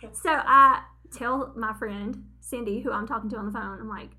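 A woman in her forties co-hosts a podcast, telling a story in casual chat with a slightly high voice, talking a little fast. She's animated, laughing at herself as she acts out what people said.

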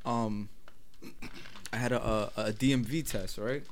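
A young man, hosting a casual podcast chat, talking haltingly with many fillers and restarts and laughing often. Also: fairly low pitch, fairly even intonation, a little hiss or hum. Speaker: podcast host.

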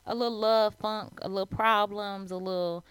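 Smooth-voiced chatty woman podcaster. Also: medium pitch, normal speed, dry recording. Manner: animated, chatty, colloquial. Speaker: podcast co-host. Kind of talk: casual chat.

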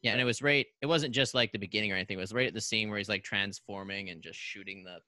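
Animated Canadian-raised man, low bright voice. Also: rapid-fire, no echo, clean studio sound. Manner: animated, acts out voices in anecdotes. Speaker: podcast guest, actor. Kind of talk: casual storytelling.

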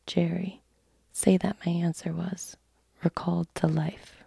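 A composed gentleman from a bank , whispered by a woman, speaks with quiet business confidence. The whispered role-play stays low and mellow. It is breathy and close to the mic. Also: little pitch movement, unhurried, dry recording, exaggerated voice. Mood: calm. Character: calm businesslike male bank clerk passenger.

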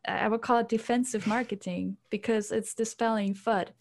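A woman's voice: a little high, steady tone, normal speed. Woman co-host, casual and explanatory. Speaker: podcast co-host. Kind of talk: casual chat.

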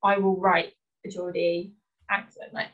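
A woman with a Northern English accent, an author chatting relaxed and laughing easily on a video call. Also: lowish voice, a little slow, husky, narrow, tinny audio. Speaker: author being interviewed. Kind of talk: casual chat.

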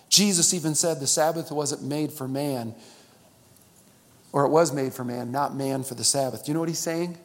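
A male pastor preaching a sermon, calling on the church to repeat after him and swinging between loud and hushed. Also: a little high, moderate pace. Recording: long hall reverb.

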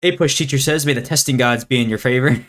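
A teenage boy hosts a podcast in relaxed casual chat. His voice sits in a middle pitch, and he talks in an easygoing way, often breaking into laughs. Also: fast talker. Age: teens. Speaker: podcast host.

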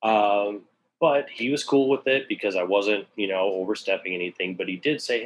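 A man's voice: fairly low pitch, normal speed, slight background noise, rough recording. A man casually telling a long work story, sprinkled with swearing and acted-out quotes. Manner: casual, profane, acts out quoted voices.

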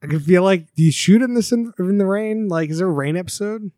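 A man's voice: high voice, brisk, dry recording, studio quality. A man hosting a casual podcast chat, reading out quotes and joking with his co-hosts. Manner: lively, reading out quotes with a laugh. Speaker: podcast host.

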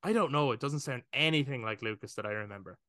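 A man's voice: medium pitch, fast, sharp tone, no echo, studio quality. A man co-hosting a podcast in casual chat, acting out his own thoughts, swearing and laughing. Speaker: podcast co-host.

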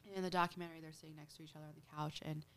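A woman's voice: sits low, little pitch movement, rapid-fire, a bit bright. A woman hosting a casual podcast, retelling a true-crime case in a chatty way with lots of "like" and acted-out quotes. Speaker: podcast host.

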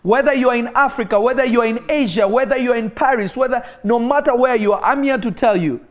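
A fast-talking man with an extremely high voice preaches to an online audience. He tells a healing story, exhorting listeners through emphatic repetition and occasionally praying in tongues.

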